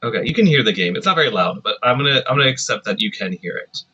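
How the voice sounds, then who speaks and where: Husky, bright-voiced male streamer rambling. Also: mid-range voice, animated, very fast, muffled recording. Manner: rambling, self-deprecating, talks to himself while playing. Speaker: streamer playing a video game. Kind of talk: casual live-stream chat.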